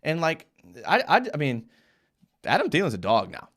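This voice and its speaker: A young man hosting a live fan show, giving casual football commentary over game film with animated, fired-up rants full of restarts. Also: a little high, normal speed.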